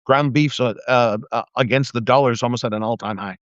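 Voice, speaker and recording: An older man speaking at medium pitch and a fairly quick clip rants angrily on a livestream about politics, cursing and taunting. Heated moments trip him into stammering restarts. The audio is dull, dry, and lo-fi, without echo.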